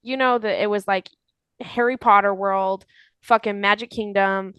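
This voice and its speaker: A young woman from Florida, a podcast guest in casual political chat, animated, swearing freely and laughing often. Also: mid-range voice, normal speed, smooth, no echo, highs cut off.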